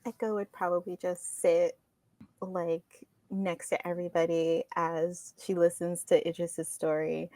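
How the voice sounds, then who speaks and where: A woman's voice: fairly low pitch, level tone, unhurried, mellow, no room sound. A woman playing in a tabletop game, describing her character casually with lots of "like". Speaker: player.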